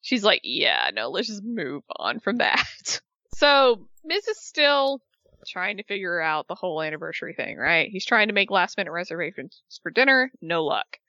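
A woman co-hosting a casual chat, recapping a show with lively retellings and quoted voices. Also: mid-range voice, moderate pace, no room sound, highs cut off. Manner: animated retelling, acting out the people she quotes. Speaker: podcast co-host recapping a reality show.

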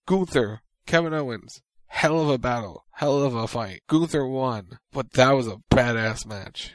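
A man co-hosting a casual chat, summarizing events at a brisk, easygoing pace. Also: medium pitch, no echo. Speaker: podcast co-host recapping wrestling.

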